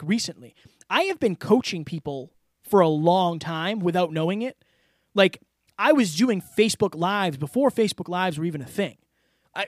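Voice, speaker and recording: As a podcast guest, a man speaks openly and with earnestness in a casual interview, leaning heavily on fillers like "like" and "you know." His voice sits high, and the studio-quality recording has no echo.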